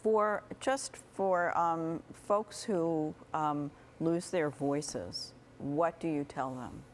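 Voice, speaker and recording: A woman's voice: low-pitched, very slow, slight background noise. A woman hosting a TV interview show, asking questions with some hesitation and fillers. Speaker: TV talk show host.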